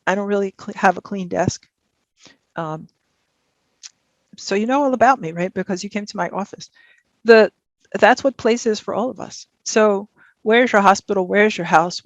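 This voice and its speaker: Gravelly older woman speaking on a video call. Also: medium pitch, no room sound, lo-fi sound. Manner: rambling, self-interrupting, thinks aloud with many fillers. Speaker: guest speaker. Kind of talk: conversational talk and audience Q&A. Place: home office.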